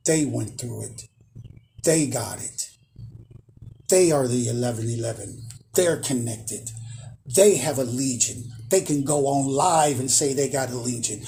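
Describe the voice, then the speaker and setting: A man hosts a spiritual channel in a casual monologue, boastful and emphatic. He hammers points home by repeating phrases. His voice sits at an ordinary pitch, with faint noise underneath. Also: unhurried, gravelly, warm tone.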